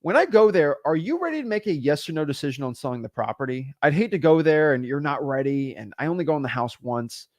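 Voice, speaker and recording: A young man teaching real estate wholesaling in an energetic, casual way, acting out both sides of phone calls with sellers. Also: on the high side, fast talker, few pauses, dry recording.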